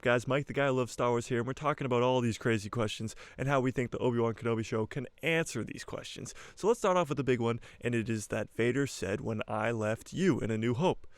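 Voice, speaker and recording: A young man hosting his own channel, giving casual, jokey fan commentary in an excitable way. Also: medium pitch, no echo. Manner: excitable, jokey, speeds up and slows down. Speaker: YouTuber host.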